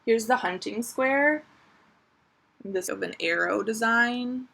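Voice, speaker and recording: A woman's voice: a little high, takes it slowly, creaky, bright, forceful tone. A woman showing her crochet squares in a casual, upbeat, chatty vlog, full of fillers. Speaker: crochet vlogger. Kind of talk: casual show-and-tell.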